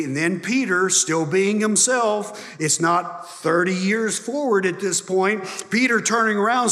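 Male pastor, sermon delivery, unhurried and emphatic, echoing hall sound. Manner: emphatic preaching, rising high and loud on key points. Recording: long hall reverb.

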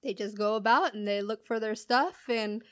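A woman's voice: medium pitch, moderate pace, no echo, clean studio sound. A young woman chatting casually, telling funny work stories and laughing often. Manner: laughs often, storytelling with quoted voices. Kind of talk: casual chat.

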